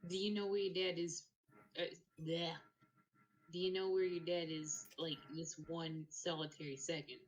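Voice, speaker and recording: A woman's voice: fairly low pitch, little pitch movement, moderate pace. A woman playing a tabletop game, rambling and swearing, with many fillers. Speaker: player. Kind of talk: casual tabletop play.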